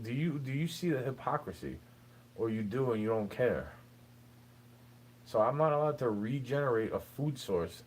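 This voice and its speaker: Here the young man's voice sits at medium pitch and sounds a little mellow as he rambles through an unscripted, resentful rant aimed right at the listener, repeating "bro" again and again. Poor audio with a faint hiss or hum.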